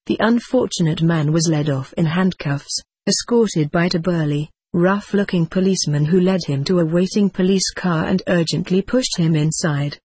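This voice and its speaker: A reader giving measured, reflective first-person narration of an audiobook. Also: mid-range voice, darkish tone, husky, dry recording.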